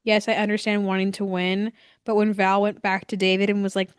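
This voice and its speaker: A woman's voice: mid-range voice, little pitch movement, fairly quick, clear, resonant tone, no echo, clean studio sound. A woman co-hosting a casual podcast chat, ranting bluntly and in exasperation, with swearing. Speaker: podcast co-host.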